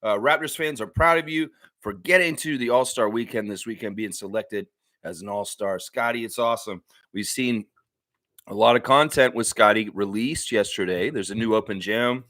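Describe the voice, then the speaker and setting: A man hosting a casual sports fan livestream, excitable and hyped, sometimes chewing as he talks. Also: lowish voice, normal speed, no echo. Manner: excitable, shouts hype bursts, chewing while talking. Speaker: livestream host.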